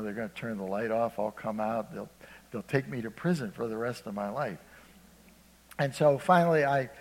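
An older man from Ohio preaching a sermon, shifting between loud emphasis and hushed, conversational storytelling. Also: on the high side, in a large hall. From Ohio, USA.

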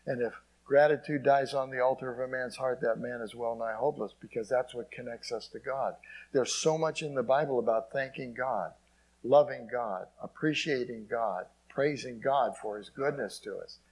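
Husky-voiced preacher man. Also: medium pitch, moderate pace, darkish tone, low-quality recording. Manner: preaching with frequent "amen" asides and scripture quotes. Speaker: pastor. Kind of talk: sermon.

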